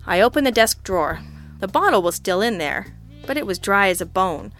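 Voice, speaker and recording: A woman's voice: medium pitch, expressive, normal speed, fairly bright tone, soft background music. A woman narrating a first-person audiobook with a wry, understated delivery.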